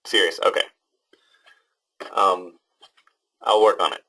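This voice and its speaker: Young man, online instructor, casual, hesitant, lots of fillers, fairly low voice, computer mic. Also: steady tone, slow pace, bright, forceful tone, rough recording. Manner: hesitant, many ums and restarts. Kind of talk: casual webinar talk to students.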